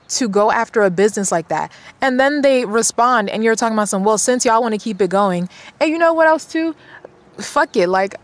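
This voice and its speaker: A woman's voice: a little high, no echo. Exasperated woman ranting, dry sound. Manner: exasperated, blunt, swears a lot. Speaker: vlogger. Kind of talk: casual commentary rant.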